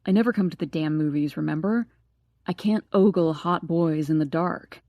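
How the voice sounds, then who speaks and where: A woman's voice: sits low, normal speed, mellow, no echo, voice pushed down. A woman reading an audiobook, voicing a gossipy, theatrical teenage boy who teases his friend. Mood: hissing. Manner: teasing, dramatic, wheedling. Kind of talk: audiobook character voice.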